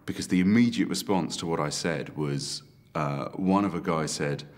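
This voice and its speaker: A man recounting an assault in documentary testimony, measured and reflective with halting pauses. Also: rumbling low. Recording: music bed under the voice.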